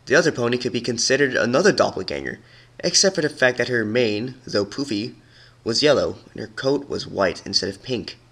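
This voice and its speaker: Reading from a storybook for fun, this amateur dramatic narrator performs expressively, dropping his voice low and easing the pace whenever the story turns eerie.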